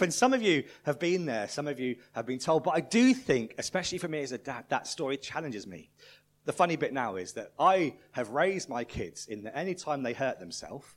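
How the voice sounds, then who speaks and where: A man preaching in a church, telling a story and swinging from loud to hushed. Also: mid-range voice. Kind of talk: sermon with storytelling.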